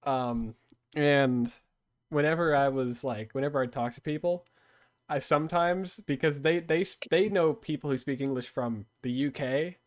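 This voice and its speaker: A man's voice: fairly high pitch, moderate pace, no room sound, studio quality. A young man from Texas with a light Southern accent, chatting casually and rambling as a podcast co-host. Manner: chatty, rambling, self-correcting. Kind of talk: casual chat.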